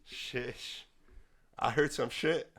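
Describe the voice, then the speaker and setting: A man's voice: mid-range voice, steady tone, slow, fairly bright tone, breathy edge. A man hosting a podcast, teasing and trash-talking his co-host in casual chat.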